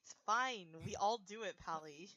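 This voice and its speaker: A man's voice: sits high, normal speed, no room sound, muffled recording. A man playing a tabletop game with friends, teasing and pushing the group to act. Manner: teasing, animated, pushes the group on. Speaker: player. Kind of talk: casual tabletop game chat.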